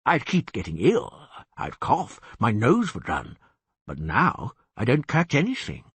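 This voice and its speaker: A man reading the part of a genial, boastful cursed beast-man with a husky voice, chatting wryly in an audiobook. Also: medium pitch, huge pitch swings, a little slow, a bit bright, no echo, heavily acted. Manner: chatty, confiding, wry.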